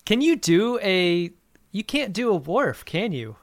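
A man's voice: high voice, sing-song, a little slow, no room sound. A man with a thin, reedy voice, co-hosting a podcast in a casual, playful way as he recaps and riffs. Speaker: podcast co-host.

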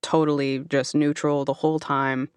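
A woman talks quickly and chattily as an interview guest, her voice smooth and resonant. The sound is dry and close, with no room around it. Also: extremely low pitch, flat delivery, no echo. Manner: chatty, quick, lots of fillers. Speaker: audiobook narrator and author, guest. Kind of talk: casual interview chat.

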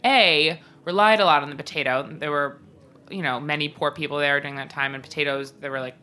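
Low, bright-toned woman co-host, jokey and animated in casual chat. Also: brisk, a little hiss or hum. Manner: animated, jokey, chatty storytelling. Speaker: podcast co-host.

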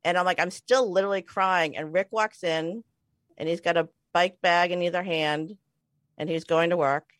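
A woman's voice: fairly low pitch, fairly even intonation, normal speed, a bit bright, dry recording. A woman in her forties, a podcast co-host, telling a personal story in a chatty, self-deprecating way, laughing often. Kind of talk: casual storytelling chat. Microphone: remote call mic.

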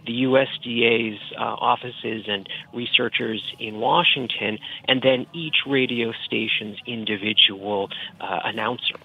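A man with a Boston accent, a book editor explaining history in an interview with many pauses and fillers. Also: medium pitch, steady tone, gravelly, breathy edge, highs cut off. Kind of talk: radio interview.

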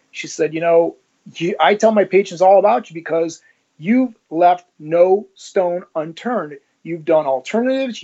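With a slightly high voice on dull audio, a former police officer recounts his story in an interview. He's animated and conversational, acting out the dialogue as he goes.

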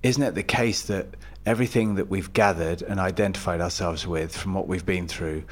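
A male podcast host with a lowish voice reflects aloud in conversation. He feels his way through each idea and pauses to rephrase mid-sentence. His tone is measured and thoughtful. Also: fairly even intonation. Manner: thoughtful, searching for words. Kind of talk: conversational interview.

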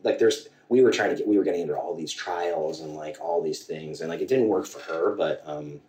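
A man with a very deep voice tells a personal story in a halting, restart-filled way. He sits back from the mic, and the room rings with echo. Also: darkish tone, slight background noise. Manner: halting, full of restarts and quoted dialogue. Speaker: podcast guest. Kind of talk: candid storytelling conversation. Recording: echoey room, voice from a distance.

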